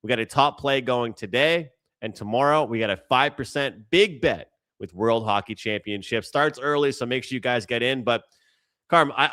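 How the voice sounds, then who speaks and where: A man with a Canadian accent hosting a live betting show, breaking down hockey odds and pitching his picks package. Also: sharp tone, dry recording. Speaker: sports betting show host. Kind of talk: betting analysis talk on a live stream.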